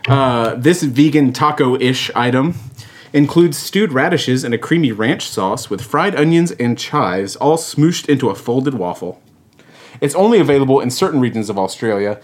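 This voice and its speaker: Man, quiz host, playful announcer delivery, casual podcast chat, middle pitch. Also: animated, normal speed. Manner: reads questions in a playful announcer tone.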